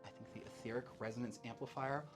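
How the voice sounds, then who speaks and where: A man voicing an excitable young female inventor who gushes eagerly over her work, playing her in a tabletop game. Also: mid-range voice, soft background music, lightly acted. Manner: gushing, eager, quick.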